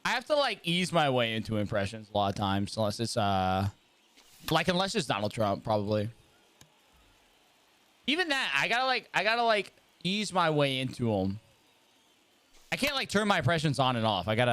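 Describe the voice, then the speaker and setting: Live-streaming a baseball video game, this male gaming streamer keeps the chat casual and jokey, trying silly voice impressions and repeating lines. He talks fairly quickly in a mid-range voice that is very animated, a bit bright, clear, and resonant.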